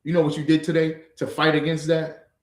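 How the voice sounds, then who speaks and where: A man's voice: fairly high pitch, completely flat delivery, a little fast, a little mellow, echoey room. A man teaching a livestreamed scripture class, lecturing emphatically with rhetorical questions.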